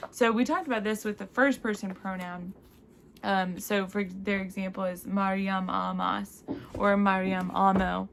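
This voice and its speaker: A woman teaching a recorded Latin lesson, walking through grammar patiently with many ums and uhs. Her voice has a gravelly, fry-tinged texture at a middle pitch. A faint hiss of background noise sits under the recording. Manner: explanatory, with frequent fillers. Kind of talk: recorded class lecture.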